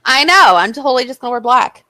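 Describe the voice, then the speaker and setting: This young woman co-hosts a podcast in easy, casual chat, her voice bright and a little high. She swings her pitch all over as she acts out every line she quotes, and the sound is close and dry. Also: fast, dry recording. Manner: animated storytelling, acts out quotes. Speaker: podcast co-host.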